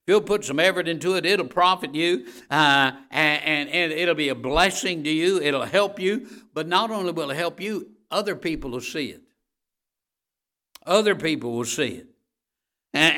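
Bright-voiced man preaching a sermon. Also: on the high side. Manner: conversational preaching, tag questions, rising to forceful emphasis. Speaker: pastor.

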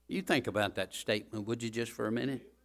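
A male preacher, delivering a fiery sermon that swells into loud, impassioned shouting and repeats its phrases. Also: mid-range voice, very animated, moderate pace, creaky.

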